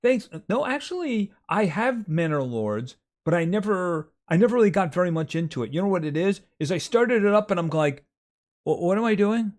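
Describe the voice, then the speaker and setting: A man's voice: high voice, very animated, fairly quick, few pauses. A man streaming a farming game live, chatting casually with his viewers as he plays. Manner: chatty, talks to game animals and reads chat aloud.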